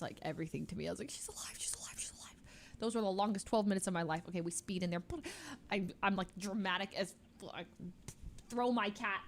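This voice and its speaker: A woman streamer casually telling a story, dramatic and animated, with lots of "like" fillers. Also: mid-range voice.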